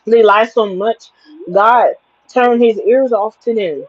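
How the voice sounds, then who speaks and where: A woman's voice: fairly high pitch, takes it slowly, no room sound. Woman tarot reader, preachy and emphatic, on a livestream; dry, muffled lo-fi audio. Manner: emphatic, preachy, plain-spoken. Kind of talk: spiritual livestream reading.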